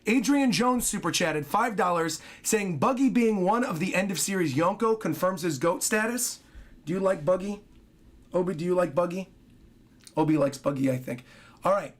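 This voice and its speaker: A man streaming from home, his voice hoarse and worn out, chatting excitedly and rambling as he reads donations and talks to his dog. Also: sits high, normal speed. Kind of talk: casual livestream chat.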